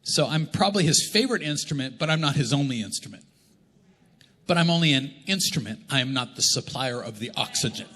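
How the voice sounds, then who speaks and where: A man's voice: mid-range voice, expressive, fairly quick, pushed and bright. A man preaching a sermon as a pastor, in a loose, conversational and joking way. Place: church auditorium. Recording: long church reverb.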